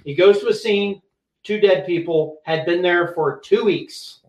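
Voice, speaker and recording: A high-voiced man tells a police story in a casual, animated way and curses freely. His voice sounds roomy and echoey, as if he is recording in a bare room. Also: measured pace. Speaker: podcast co-host, police officer. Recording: roomy echo.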